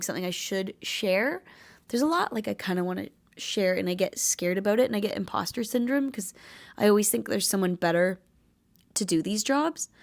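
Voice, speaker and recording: A woman in her late twenties hosting a podcast, talking earnestly in a rambling, casual confessional way, full of fillers. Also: medium pitch. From Canada. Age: late 20s. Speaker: podcast host.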